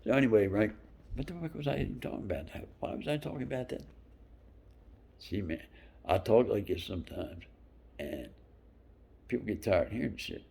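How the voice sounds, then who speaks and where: A man in his fifties telling rambling stories, profane and loose, dropping into whispered asides between louder bursts. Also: lowish voice, expressive, a little fast, creaky, pauses often, breathy edge. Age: 50s. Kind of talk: rambling storytelling monologue.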